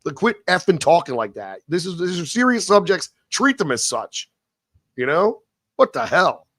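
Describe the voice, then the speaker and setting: In a clean, dry studio recording, a live-stream show host with a high, very animated, slightly bright voice chats casually and goes on profane, meandering rants. Then he slowly reads out scripted narration.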